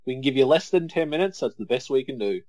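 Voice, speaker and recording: A man's voice: mid-range voice, lively intonation, fast talker, a little mellow. Easygoing man on a podcast. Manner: easygoing, reacts with laughs. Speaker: podcast co-host. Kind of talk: casual watch-along chat.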